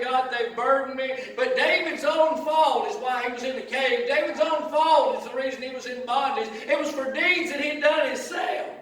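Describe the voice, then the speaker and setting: A man preaching a sermon as pastor, rising to impassioned shouts and dropping low again. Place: church sanctuary. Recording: echoey church from far off.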